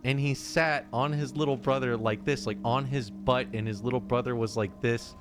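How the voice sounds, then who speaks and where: A man's voice: mid-range voice, fairly even intonation, normal speed, music in the background. A man streaming a game, telling stories in casual chat. He laughs often and swears freely. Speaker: let's play streamer. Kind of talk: casual chat while gaming.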